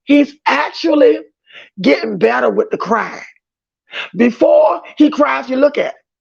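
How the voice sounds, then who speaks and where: Speaking unhurriedly and expressively, a livestream host with a very high, gravelly, husky voice chats emphatically with viewers and reads their comments aloud. The stream audio is dull and lo-fi.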